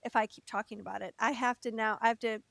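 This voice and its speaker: A woman co-hosting a podcast who tells a candid personal story in an animated way, acting out quotes and sometimes swearing. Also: fairly high pitch, quick pace, gravelly, a crowd in the background. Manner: animated, laughs, acts out quotes. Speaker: podcast co-host.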